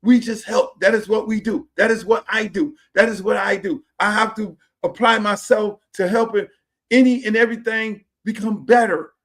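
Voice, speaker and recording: A man's voice: sits high, fairly even intonation, normal speed, fairly bright tone. A man in his sixties hosting a podcast, talking in an impassioned, preachy way, repeating himself and swearing freely. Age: 60s. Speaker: podcast host. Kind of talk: casual monologue. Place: home theater room.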